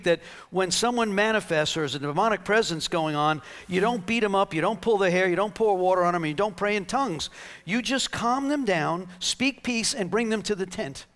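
A man's voice: high-pitched, slight background noise. A man preaching a sermon, telling a healing story with acted-out dialogue and laughter. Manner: animated, acts out dialogue, laughs.

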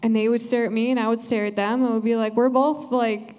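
A young woman sharing an earnest, animated church testimony. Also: a little high, a little fast. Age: young adult. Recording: hall reverb.

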